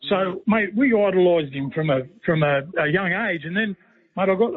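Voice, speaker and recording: Brief: Australian man, high voice, rambling folksy radio guest on a phone line. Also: breathy edge. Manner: rambling, folksy, says "mate" constantly. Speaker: radio guest, former player and commentator. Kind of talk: casual storytelling chat.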